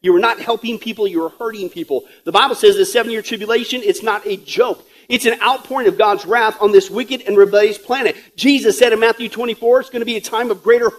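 A man's voice: high voice, quick pace, few pauses. A man preaching a sermon as pastor, joking and conversational with rhetorical asides, and growing emphatic and urgent.

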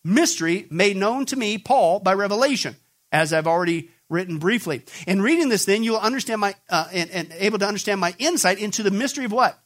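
Male preacher with a high voice, emphatic and driving, full of rhetorical questions. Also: fast talker. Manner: emphatic, rhetorical questions, animated pitch swings. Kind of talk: sermon.

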